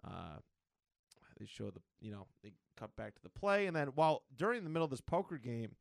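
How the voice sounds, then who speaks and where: A man co-hosting a podcast, recapping a comic book in a rambling, excited casual chat. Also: mid-range voice, brisk, gravelly, no room sound. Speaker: podcast co-host.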